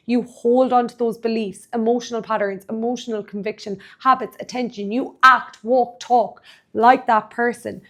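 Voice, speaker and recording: A woman podcast host and coach speaking in an emphatic motivational monologue, repeating phrases for rhythm. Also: on the high side.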